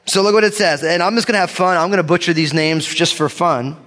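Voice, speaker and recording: A male pastor preaches quickly to a live congregation, lively and playful, joking and calling out for amens. His voice sits a little high, and the large church sanctuary leaves a long reverb trailing his words.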